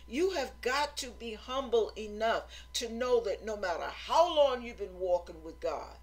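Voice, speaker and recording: A woman's voice: a little high, animated, unhurried, hardly any pauses. A middle-aged woman giving an informal Christian sermon in an earnest, exhorting way, repeating phrases for emphasis. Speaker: Christian teacher.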